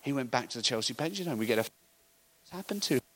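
A middle-aged man telling an animated story in a sermon, acting out the voices of the people in it. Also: medium pitch, quick pace, rough recording. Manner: animated storytelling, acts out voices, laughs often. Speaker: preacher. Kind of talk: sermon anecdote.

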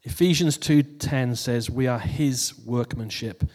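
A long echo hangs after each phrase as a man gives a casual sermon for the New Year. Unhurried and conversational, he laughs at his own jokes, then turns to reading scripture, his voice sitting at an everyday middle pitch.

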